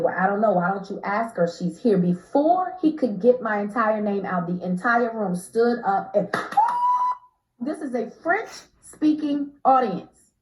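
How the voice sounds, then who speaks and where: An American woman telling an animated story as an interview guest, emphatic and quick to laugh, her pitch swinging from low to high. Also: roomy sound, low-quality recording. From United States.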